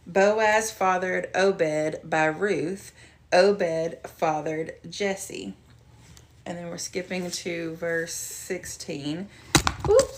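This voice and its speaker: Lady doing bible study from home, low gravelly voice, chatty and rambly with lots of ums. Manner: chatty and rambling, with many fillers. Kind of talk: casual Bible study and personal testimony. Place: at home, with a cat nearby.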